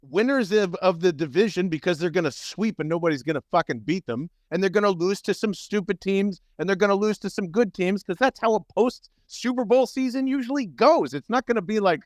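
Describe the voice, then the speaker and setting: A man co-hosting a casual sports podcast, animated and profane, his voice swinging up and down as he argues. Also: fairly quick, few pauses, no room sound, studio quality. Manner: animated, profane, jumps up and down in pitch. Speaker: podcast co-host.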